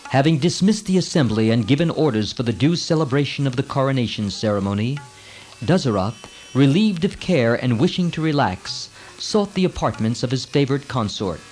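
A man's voice: medium pitch, expressive, a little mellow, soft background music, poor audio. Man reading a formal storybook tale. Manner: measured, formal. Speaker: narrator.

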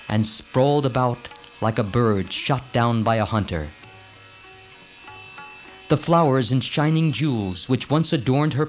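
A man reading a storybook tale aloud in a measured, formal way. His voice sits at a plain middle pitch, with faint music under the narration. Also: rough recording.

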